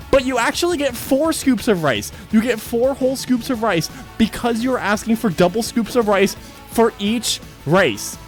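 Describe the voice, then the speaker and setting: Hyper young guy livestreaming from home, high voice bouncing all over, swears a lot. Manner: excitable, swears freely, repeats himself. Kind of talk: casual livestream chat. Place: home streaming setup.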